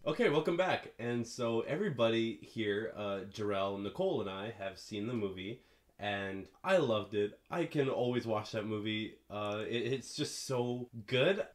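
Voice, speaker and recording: A young man with a lowish voice hosts a casual chat show. He talks in a relaxed, meandering way, full of ums and restarts. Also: a little slow, faint music behind. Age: young adult. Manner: relaxed, rambling with many fillers. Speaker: podcast host.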